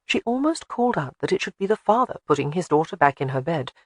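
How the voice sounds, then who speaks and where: Measured audiobook narrator. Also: male voice, on the high side, big pitch swings. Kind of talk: scripted narration.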